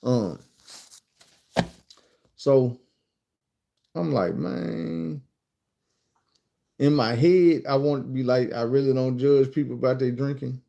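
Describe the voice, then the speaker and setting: Mellow-voiced Southern man telling stories. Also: medium pitch, takes it slowly, gravelly, pauses often, lo-fi sound. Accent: Southern American. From Arkansas, USA. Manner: profane, animated, conversational. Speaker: storyteller. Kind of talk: casual storytime monologue.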